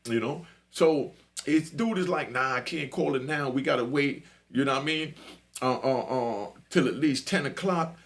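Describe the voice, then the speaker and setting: A man's voice: medium pitch, moderate pace. A middle-aged man casually telling a prison story in loose street slang, often asking "you know what I mean?".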